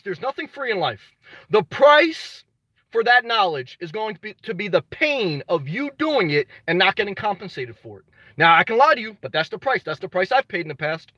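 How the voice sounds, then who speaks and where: A man's voice: high-pitched, pushed and bright, dry recording, low-quality recording. A man hosting a motivational livestream. He talks emphatically, repeats his key phrases, calls viewers brother and swears casually. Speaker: livestream host reading viewer comments.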